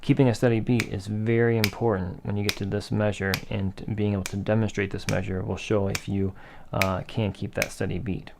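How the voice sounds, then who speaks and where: A man's voice: fairly low pitch, flat delivery, brisk, gravelly, background noise. A man teaching a rhythm lesson in a patient, methodical way, asking questions and then answering them himself. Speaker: music teacher.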